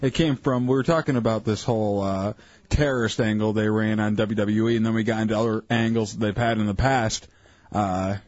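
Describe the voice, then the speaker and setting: A man's voice: lowish voice, fairly even intonation, brisk, darkish tone. A man co-hosting a radio show, joking and teasing in casual chat. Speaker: radio co-host. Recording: dull lo-fi radio recording.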